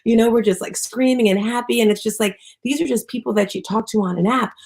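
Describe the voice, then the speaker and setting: A woman's voice: fairly high pitch, fast, darkish tone, slightly rough. A woman hosting a live audio chat room, upbeat and chatty, speaking affectionately to the people in the room. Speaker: host.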